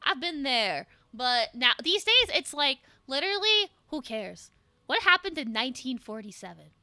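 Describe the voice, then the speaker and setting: A woman's voice: high voice, big pitch swings, moderate pace, sharp tone, no room sound. A young adult woman VTuber streaming with the flu, chatting casually with her viewers, joking and swearing with lots of "like". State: sick with the flu. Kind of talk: casual live-stream chat.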